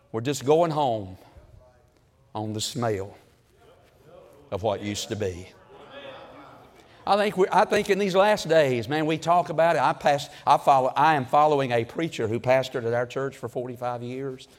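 Male preacher, mid-pitched, homespun sermon delivery with booming crescendos; long hall reverb. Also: moderate pace. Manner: folksy storytelling, surging to loud emphatic peaks.

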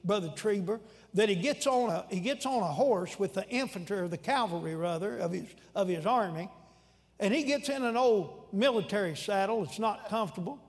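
High-voiced man preaching in a reverberant hall. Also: normal speed. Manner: folksy, animated storytelling with sudden shouts. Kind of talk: sermon. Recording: long reverb in a large hall.

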